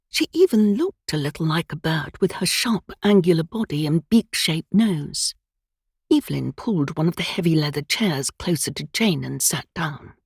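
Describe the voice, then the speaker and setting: Husky lowish lady reading a novel, lively tone, dry close sound. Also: no echo. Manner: expressive, measured storytelling. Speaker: audiobook narrator. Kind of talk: scripted narration.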